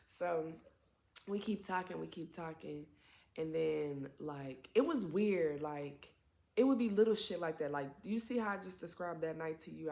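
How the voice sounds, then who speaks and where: A woman in her twenties tells a story in a casual vlog. She talks in a chatty, slangy way with plenty of profanity and side remarks. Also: deep voice. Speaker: vlogger.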